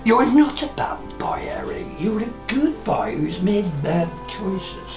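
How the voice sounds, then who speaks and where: The Satsuma, a storyteller voicing a gently scolding magic fruit. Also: mid-range voice, big pitch swings, slow pace. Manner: gently scolding, teacherly questions. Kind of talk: children's storybook reading. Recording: roomy echo, faint music.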